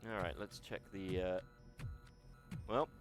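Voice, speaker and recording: A man's voice: low-pitched, slow, music in the background. A man streaming a video game with casual, wry, self-deprecating commentary and the odd swear word. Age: older.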